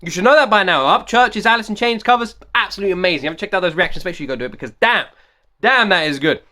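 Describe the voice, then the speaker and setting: A man's voice: sits high, lively intonation, racing, bright, forceful tone. A man commenting on a song in a reaction video, emphatic and repeating his rhetorical questions. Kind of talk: excited music reaction commentary.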